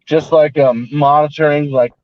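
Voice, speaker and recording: A man's voice: on the high side, fairly even intonation, normal speed, no echo, muffled recording. A man talking as a guest in a casual panel chat, hesitant and full of fillers, over a video call. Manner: hesitant, fills with "like" and "uh".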